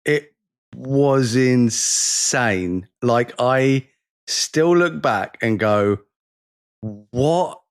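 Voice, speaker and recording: A man, co-hosting a podcast and telling a lively story in casual conversation, acting out the people in it. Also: mid-range voice, drawn-out words, clean tone, no echo, clean studio sound. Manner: animated storyteller, acts out the people in his stories. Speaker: podcast co-host.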